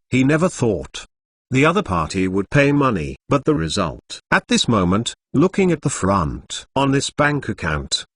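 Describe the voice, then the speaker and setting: A man's voice: medium pitch, a bit bright, no room sound. A computer-voiced man narrating a web novel, reading out punctuation marks in stilted phrasing. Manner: reads punctuation marks aloud.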